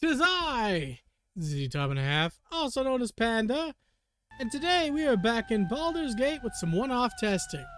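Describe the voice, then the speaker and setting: A man streaming live in casual, rambling chat, swearing loosely and often clearing a sore throat. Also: very high-pitched, sing-song, measured pace, fairly bright tone.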